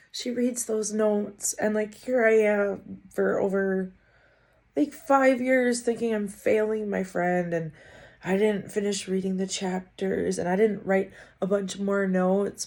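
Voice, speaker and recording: A woman vlogger giving a rambling, halting update in one unedited take, tired and muttering. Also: medium pitch, fairly even intonation, darkish tone. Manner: rambling, halting, self-deprecating.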